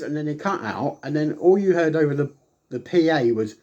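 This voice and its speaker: This is a man in an easygoing review, walking through an old wrestling broadcast match by match. His talk meanders with frequent ums and restarts. He livens it up by acting out lines from the show in an animated voice. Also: fairly high pitch, normal speed, highs cut off. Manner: chatty, rambling with frequent ums; animated, acts out quoted lines. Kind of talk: casual retelling review.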